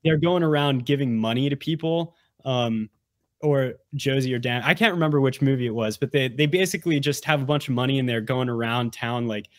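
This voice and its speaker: A man who is a guest on a podcast, chatting casually in an animated, rambling way with many restarts. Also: mid-range voice, brisk, no echo, clean studio sound. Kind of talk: casual conversational interview.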